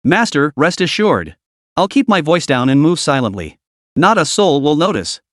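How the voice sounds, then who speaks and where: Cast: eager young disciple read by a man, earnest, hushed, slightly high voice. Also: very animated, normal speed, dry recording, studio quality. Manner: earnest, secretive.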